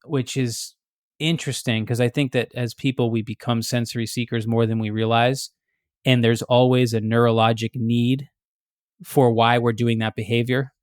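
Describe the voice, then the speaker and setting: A man's voice: mid-range voice, little pitch movement, normal speed, no room sound, studio quality. A man hosting a podcast, explaining ideas in a thoughtful, step-by-step way with casual restarts. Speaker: podcast host.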